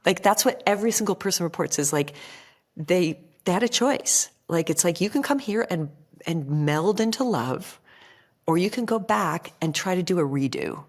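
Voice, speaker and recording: A woman guest on a podcast, chatting casually, telling stories in a lively way, acting out quoted voices and saying "like" often. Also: on the low side, moderate pace. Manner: animated storyteller who acts out quoted voices, heavy use of "like".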